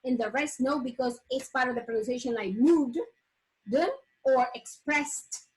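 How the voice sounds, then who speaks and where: A woman with a high voice teaches an online English class. She explains step by step, repeating words and pausing on fillers. She is heard through a computer mic on a video call. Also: poor audio.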